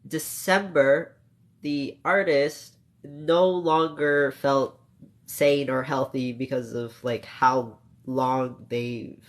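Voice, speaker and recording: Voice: medium pitch, steady tone. A streamer chats through a long story with live viewers, rambling and emotional. They break off to mock-scold the chat and then apologise. They swear freely and correct themselves as they go. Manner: swears freely, quick asides and self-corrections. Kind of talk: casual livestream storytelling.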